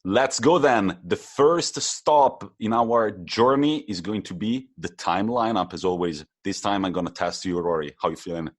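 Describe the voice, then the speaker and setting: A man's voice: fairly low pitch, normal speed, hardly any pauses, husky. A man with an Italian accent co-hosting a casual football podcast, teasing his co-host as he runs a quiz. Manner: playful, quizmaster teasing.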